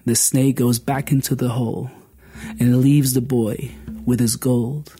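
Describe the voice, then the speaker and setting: Expressive male storyteller over soft music. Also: measured pace. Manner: expressive, swings pitch and pace for drama. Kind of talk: oral storytelling performance.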